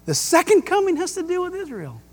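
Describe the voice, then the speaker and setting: A man preaching a sermon as pastor, emphatic and excitable, with jokes and rhetorical questions. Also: extremely high pitch, fairly quick. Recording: long hall reverb.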